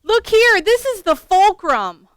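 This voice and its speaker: A woman voicing an eager five-year-old boy who shows off what he knows, in a squeaky childlike way. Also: big pitch swings, slow pace, fairly bright tone, no echo, studio quality, full character voice. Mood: excited.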